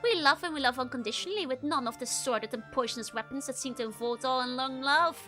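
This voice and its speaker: A woman's voice: high voice, fast, pushed and bright, soft background music. A woman voicing a handsome, hot-tempered young nobleman who speaks in archaic, courtly thee-and-thou phrasing. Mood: heated.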